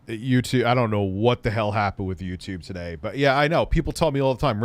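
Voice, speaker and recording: A man's voice: on the low side, fairly quick, hardly any pauses, dry recording. A man hosting a casual livestream, rambling and wry, swearing now and then. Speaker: livestream host reacting to an old news clip.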